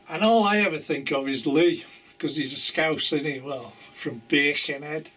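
A man's voice: on the high side, moderate pace, a bit bright, far from the mic. An older man chatting casually to camera about his model railway, rambling and chuckling often.

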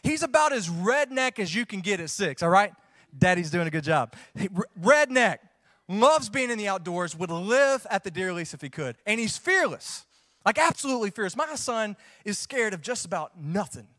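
A man's voice: sits high, sing-song, normal speed, pushed and bright, no room sound. A man, preaching a sermon as a pastor, folksy and joking as he tells stories, then preaching with rising fervor.

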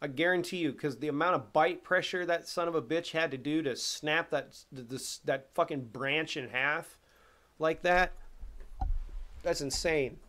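A man talking casually and profanely on a stream, telling animated stories. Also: a little high, measured pace. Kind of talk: casual rant.

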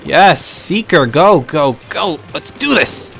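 A young man giving live gameplay commentary, excitable and swinging between hype and frustrated ranting. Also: a little high, slow, creaky, soft background music. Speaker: gaming channel host.

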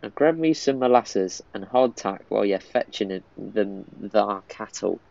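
A man reading the lines of a gruff old male cowboy cook from a mobile game, in his own plain voice without an accent. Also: lowish voice, a little slow, darkish tone, dull audio, a little hiss or hum. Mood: amused reading.

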